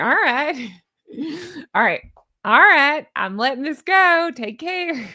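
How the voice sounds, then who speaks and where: Chatty, giggly woman with a gravelly edge. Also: high-pitched, very animated, unhurried, bright, forceful tone. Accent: American Southern, slight. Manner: chatty and giggly, rambling, self-teasing. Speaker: vlogger. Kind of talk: casual chat to camera.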